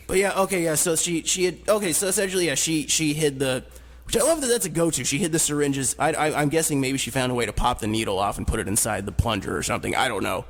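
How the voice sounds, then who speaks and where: A man hosting a radio show, chatting crudely with guests in a studio, loud and full of swearing. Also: fast, hardly any pauses. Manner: loud, swearing, jumps in pitch when excited. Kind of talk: crude casual studio banter.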